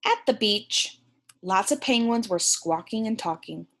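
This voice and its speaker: A young woman teacher reads a picture book aloud to young students, going slowly in a gentle, encouraging way and stopping to ask the class questions. Her mid-range voice is expressive.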